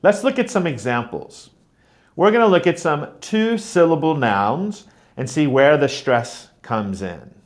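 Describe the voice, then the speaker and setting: Speaking a little slowly with a voice on the high side and lively intonation, a man who trains teachers walks through stressed and unstressed syllables. His explanations are clear, and he demonstrates with mm-mm sounds and exaggerated stress.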